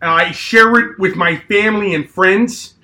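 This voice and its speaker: A man's voice: high voice, a little slow, full character voice. A man putting on a smug, crude character named Bert for an improvised podcast comedy bit, with a gleeful, boastful manner. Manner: gleeful, boastful, deadpan absurd. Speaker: podcast co-host.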